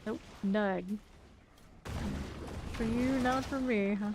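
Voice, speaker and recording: A woman streaming a video game, chatting casually with her viewers and reacting with quick asides and laughs. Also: on the high side, noisy background. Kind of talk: casual chat while playing.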